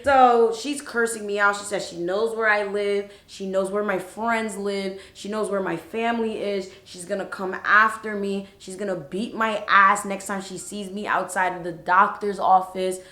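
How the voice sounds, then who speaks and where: Bright, animated young woman telling a story. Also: medium pitch. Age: 20s. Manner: animated, profane, expressive storyteller. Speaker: vlogger. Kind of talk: storytime vlog. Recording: roomy echo.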